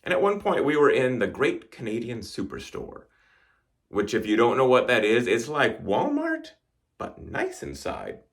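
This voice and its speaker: A man's voice: mid-range voice, huge pitch swings, normal speed, vocal fry. Wisconsin guy doing standup, dry jokes, voice bounces up and down a lot. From northern Wisconsin, United States. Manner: dry wry delivery, acting out quoted voices. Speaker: stand-up comedian. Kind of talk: stand-up comedy routine.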